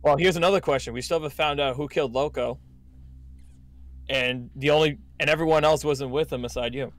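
A man's voice: on the high side, brisk, no room sound. A man in casual game voice chat who keeps pressing his accusations. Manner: accusing, pushy. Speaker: game player.

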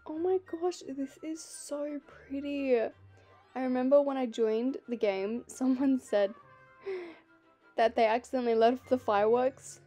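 A young woman vlogger commenting over gameplay, gushing and excitable with frequent gasps. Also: fairly high pitch. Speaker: gaming vlogger. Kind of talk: game walkthrough commentary. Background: faint background music.

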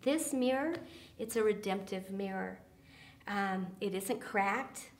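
A woman's voice: mid-range voice, slow. Earnest woman teaching a church group. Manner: earnest, many fillers, drops soft and quiet for emphasis. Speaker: small group leader.

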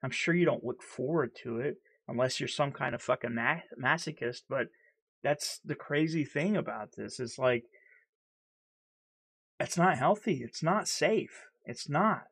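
A man's voice: medium pitch, animated, unhurried, a bit bright, breathy edge. A man in a candid personal vlog, talking earnestly and heatedly, stuttering and repeating himself. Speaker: vlogger.

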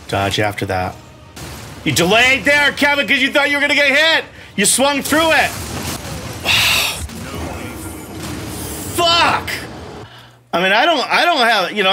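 High, animated swearing gamer dad. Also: male voice, a little hiss or hum. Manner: frustrated, swears a lot, talks to himself. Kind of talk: casual gameplay commentary. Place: home room.

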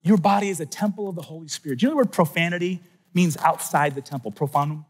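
A middle-aged man giving an animated faith talk at a youth conference, telling stories with sudden shouts and soft asides. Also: fairly high pitch, fast talker. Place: large conference hall.

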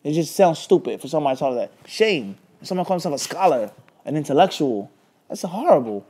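Fast-talking, warm and husky, this man's fairly high voice swings widely in pitch as he lectures an Islamic class. He keeps quizzing students with "what?" and throws in scolding remarks.

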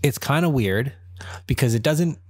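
A man's voice: mid-range voice, animated, normal speed, breathy edge, no room sound. A young man co-hosting a podcast, chatting casually with a dry, teasing, mock-grumpy manner. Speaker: podcast co-host. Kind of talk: casual chat.

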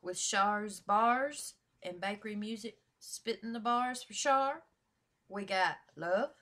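A woman hosting a reaction video, talking at an unhurried, drawn-out pace in mid-range pitch. She chats in loose slang, swears freely and fires off shout-outs with hype. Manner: slangy, hyped, profane, lots of shout-outs. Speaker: YouTube reaction host. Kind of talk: casual reaction vlog chat.

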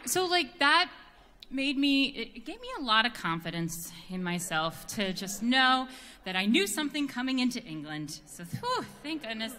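A woman's voice: a little high, lively intonation, moderate pace, sharp tone. Giggly American woman on stage. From United States. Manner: giggly, self-deprecating storytelling. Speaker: quartet bass singer. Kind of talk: on-stage concert banter. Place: concert hall stage. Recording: reverberant concert hall.

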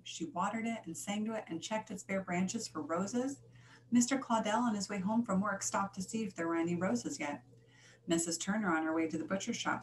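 A woman reading a children's story aloud in a gentle, expressive way. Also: on the low side, slight background noise, low-quality recording.

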